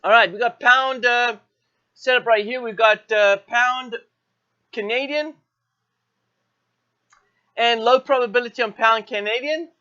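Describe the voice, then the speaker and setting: High-voiced guy running a live trading stream, bright tone, lots of uhs and oops-sorry fixes, kinda dull lo-fi sound. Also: fairly even intonation, unhurried, pauses often, clean tone. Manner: thinks aloud with many fillers and self-corrections. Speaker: forex trading show host. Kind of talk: live market walkthrough.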